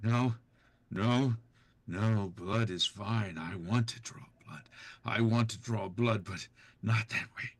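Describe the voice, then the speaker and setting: A man voicing a deranged male raider who believes he is a mutant, growling about blood, with a gravelly voice. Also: on the low side, slow pace. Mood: menacing, feral. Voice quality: gravelly, menacing. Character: mad male raider who thinks he's a super mutant.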